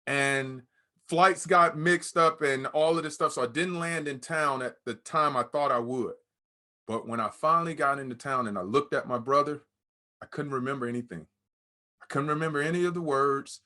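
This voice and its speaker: A man with a rather high, bright and forceful voice shares a candid personal story as a guest. He talks in an open conversational way. He slips into the voices of the people in his story as he goes. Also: moderate pace. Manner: candid, emotional, acts out quoted dialogue.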